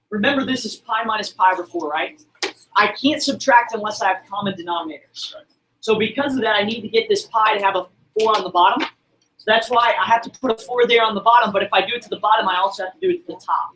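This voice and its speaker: Bright, upbeat male math teacher. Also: high-pitched, fast talker, a little hiss or hum. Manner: upbeat, encouraging, quizzes students. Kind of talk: classroom lesson streamed online. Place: classroom.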